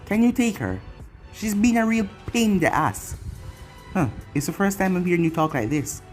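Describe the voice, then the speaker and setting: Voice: medium pitch, big pitch swings, moderate pace, soft background music, natural voice. A narrator voicing a blunt, fed-up female ninja teacher who scolds her friend in a fan story reading. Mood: irritated. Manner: scolding, exasperated.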